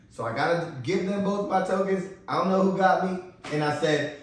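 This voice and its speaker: Animated man telling stories in an echoey room. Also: sits high, fairly quick, few pauses. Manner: animated storyteller, acts out quotes. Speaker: podcast guest. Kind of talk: casual chat. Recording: echoey room, mic at a distance, faint noise.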